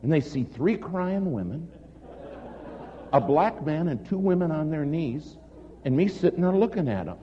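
A man's voice: a little high, lively intonation, moderate pace. A male preacher telling a story from the pulpit in a dramatic, storytelling way. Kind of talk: storytelling sermon. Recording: echoey hall, dull lo-fi sound with faint noise.

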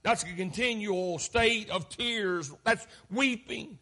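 High-pitched impassioned preacher. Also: male voice, slow. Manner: impassioned, swelling to shouts and dropping low. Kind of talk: sermon.

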